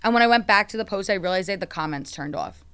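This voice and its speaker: Bright-voiced young woman podcast host. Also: medium pitch, rapid-fire, slight background noise. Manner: animated storytelling, acting out quotes, frequent swearing. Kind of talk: casual chat.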